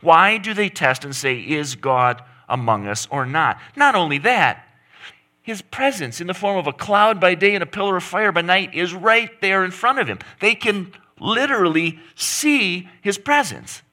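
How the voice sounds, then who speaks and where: A man's voice: high voice, big pitch swings, a little slow, bright, forceful tone. A middle-aged man preaching a sermon, emphatic, pushing his voice up and down to stress points. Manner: emphatic, rising and falling for stress. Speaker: pastor.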